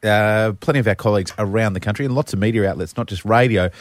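A man's voice: fairly low pitch, quick pace, dry recording. A man, co-hosting a casual radio show with dry joking asides. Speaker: radio co-host. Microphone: studio mic.

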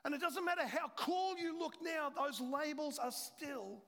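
A middle-aged man preaching a sermon as a pastor, swinging between loud urgency and hushed, intimate storytelling. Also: extremely high pitch, a little slow. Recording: long hall reverb.

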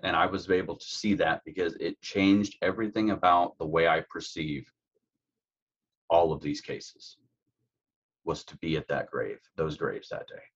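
A man's voice: low-pitched, measured pace, husky. A man speaking as an interview guest about his true crime work, earnest and heartfelt, on dull lo-fi audio. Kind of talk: conversational interview.

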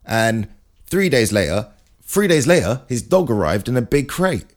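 A man hosting his own show, telling rambling comic stories in an animated way. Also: medium pitch, moderate pace. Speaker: podcast host. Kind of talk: comic monologue.

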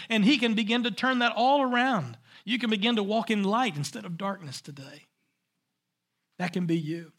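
A man's voice: high voice, fairly bright tone. A man preaching a sermon, emphatic and repeating his key phrases for weight. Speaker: pastor.

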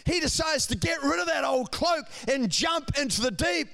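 A male pastor with a strikingly high voice preaches with fervor. His delivery moves between calm explanation and raised, urgent passages. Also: moderate pace, vocal fry. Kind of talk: sermon.

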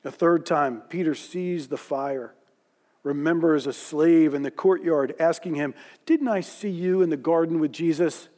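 A man telling a Bible story in a sermon, slowing and softening when he voices quoted lines. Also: on the high side. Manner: storytelling, voicing quoted lines softly and slowly. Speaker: preacher. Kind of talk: sermon narration.

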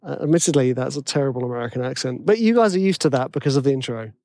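A man's voice: medium pitch, lively intonation, rapid-fire, mellow, dry recording. A man with a tenor voice hosting a podcast, rambling and self-deprecating in casual chat full of fillers. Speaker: podcast host.

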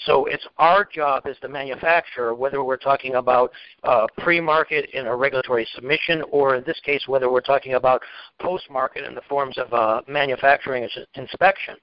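Man, podcast host, measured explainer, dry dull lo-fi sound. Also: mid-range voice, fairly even intonation, no echo. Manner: deliberate, explains carefully with many fillers. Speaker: regulatory expert host. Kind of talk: casual explanatory chat.

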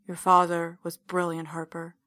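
A brooding, heavyset older man speaks low and close, as if confessing, as a woman narrating a storybook puts him on. His tone is bright and dry, with little rise or fall. He keeps his voice quiet and measured. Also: completely flat delivery, no room sound. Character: big older man, brooding cult believer and captor.

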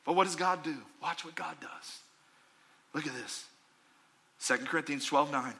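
A middle-aged man preaching a sermon to his church, with call-and-response asides that climb to shouted peaks. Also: fairly high pitch, moderate pace, pauses often, breathy edge. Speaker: pastor.

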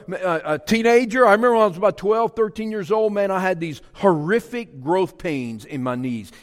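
A man's voice: sits high, big-room sound. A man preaching a sermon in a folksy, emphatic way, repeating his key phrases. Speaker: pastor.

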